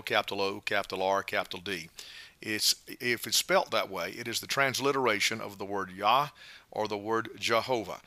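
A male pastor giving a short devotional sermon, slow and emphatic, with frequent "uh" fillers. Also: lowish voice, sharp tone, no room sound.

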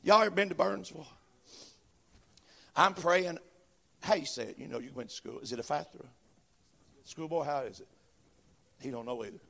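A man preaching a sermon, chanting phrases that start with a gasped "uh" and swell into shouts. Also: fairly high pitch, moderate pace, gravelly, pauses often. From western North Carolina, USA. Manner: rhythmic preaching, each phrase opened with a gasped "uh", building to shouts. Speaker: visiting preacher. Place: church building.

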